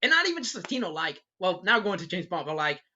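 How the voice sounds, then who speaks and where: A man chatting on a podcast with a bright, animated voice that swings up and down in pitch. He laughs often, swears casually and fills his sentences with "um" and "like". The recording sounds dull and lo-fi. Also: fast, slight background noise. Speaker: podcast co-host. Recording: muffled lo-fi recording.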